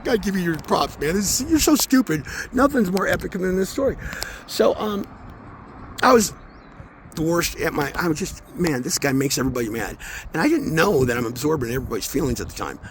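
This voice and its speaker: A man walking outdoors and talking into his phone in an intense, rambling spiritual monologue, swearing often and swinging between mumbles and loud outbursts. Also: fairly high pitch, very animated, a little fast. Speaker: vlogger. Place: outdoors near traffic, walking. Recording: outdoor phone audio with street noise.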